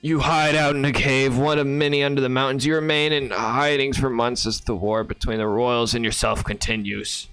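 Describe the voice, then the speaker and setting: A man playing a text adventure game, reading its lines aloud and adding wry, deadpan comments on a close mic. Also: medium pitch, normal speed, few pauses, clear, resonant tone, no room sound, faint music behind. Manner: wry, deadpan, bursts into laughter. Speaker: gaming YouTuber.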